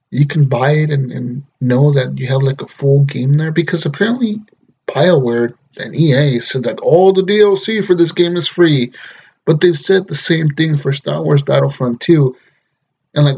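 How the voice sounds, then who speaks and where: A man's voice: fairly high pitch, vocal fry, a little mellow, slightly rough, highs cut off. A young man hosting a solo gaming podcast, ranting and joking with lots of swearing. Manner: profane, exasperated, joking. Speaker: podcast host.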